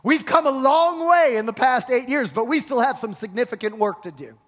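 A male pastor preaching a sermon with energetic rhetorical questions and call-and-response with the congregation. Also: very high voice, normal speed. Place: church hall. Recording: reverberant hall.

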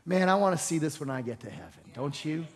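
Male pastor, high pitch, storytelling sermon that climbs to shouting, big reverberant room. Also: slightly rough. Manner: storytelling, voicing the Bible figures, building to shouts. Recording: long hall reverb.

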